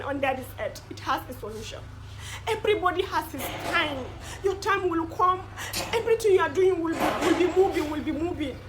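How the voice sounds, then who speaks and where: A woman's voice: very high-pitched, background noise. A woman with a Nigerian accent playing a caring young woman who pleads with and coaxes a friend in a comedy skit. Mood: pleading. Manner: pleading, coaxing, laughing through words. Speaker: comforting girlfriend on a call.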